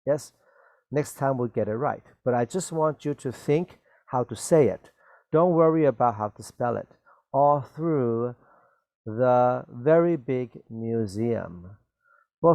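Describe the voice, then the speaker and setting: Slow, patient man teaching spelling. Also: medium pitch, a little mellow, no room sound. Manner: patient, encouraging, spells words out letter by letter. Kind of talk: spelling and vocabulary lesson for children.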